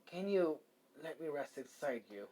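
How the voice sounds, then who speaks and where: A man voicing a gentle, grateful young woman in a fan-made story, speaking in a halting way with fillers and restarts. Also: fairly high pitch, sing-song, poor audio.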